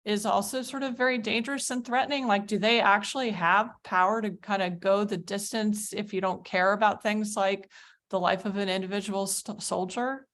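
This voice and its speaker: A woman co-hosting a video call jumps in with questions. Her voice is mid-pitched, and she speaks eagerly. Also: steady tone, moderate pace, fairly bright tone.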